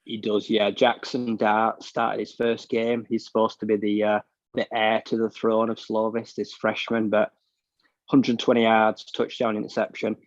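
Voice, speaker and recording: A man's voice: on the low side, completely flat delivery, unhurried, no echo. A British man co-hosting a podcast, giving blunt, opinionated takes in casual chat that rambles with restarts. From United Kingdom. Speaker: podcast co-host. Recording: dull, dry lo-fi mic sound.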